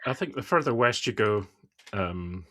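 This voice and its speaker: A man's voice: fairly low pitch, expressive, moderate pace, fairly bright tone. A man with a mild Scottish accent co-hosting a podcast, chatting casually and explaining things with small hesitations. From Scotland. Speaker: podcast co-host, cybersecurity analyst.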